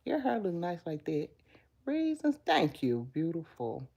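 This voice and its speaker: A woman's voice: medium pitch, very animated, slow pace, long pauses, warm tone, lo-fi sound. Chatty Southern woman in her fifties. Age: 50s. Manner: chatty, greets viewers by name, playful. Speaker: livestream host. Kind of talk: casual live chat.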